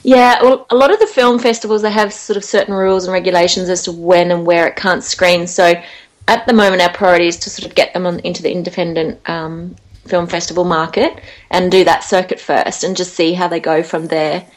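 A woman's voice: lowish voice, steady tone, brisk. An Australian woman, an actor guest, chatting casually in a radio interview, rambling and laughing easily.

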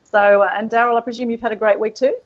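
A woman's voice: a little high, fairly even intonation, fast talker, muffled recording. A woman with an Australian accent hosting a podcast in a casual, effusive, chatty way. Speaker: podcast host. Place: holiday resort, remote call.

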